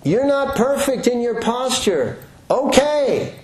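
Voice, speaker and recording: Speaking slowly in a very high-pitched voice, a man teaching yoga kicks off class with a relaxed talk full of jokes. He keeps checking in with the room through rhetorical questions.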